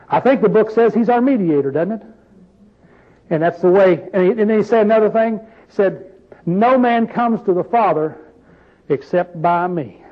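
A man's voice: high-pitched, animated, moderate pace, lo-fi sound. A man preaching an informal Bible-study sermon, folksy and plain-spoken, asking his group questions as he goes.

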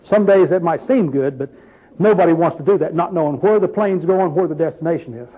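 High-voiced folksy male preacher. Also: a little fast, breathy edge, narrow, tinny audio. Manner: folksy, asks the group questions, plain-spoken. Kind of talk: informal Bible-study sermon.

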